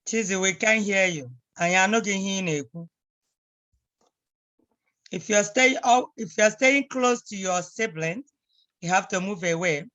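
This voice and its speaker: A woman's voice: mid-range voice, measured pace, pauses often, fairly bright tone. A woman teaching a language class over a video call, patiently repeating phrases for her students to copy. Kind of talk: online class instruction.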